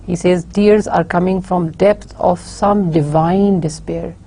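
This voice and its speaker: A woman giving a recorded university lecture, explaining slowly and haltingly, with many fillers and restarts. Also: lowish voice, steady tone, mellow, slightly rough.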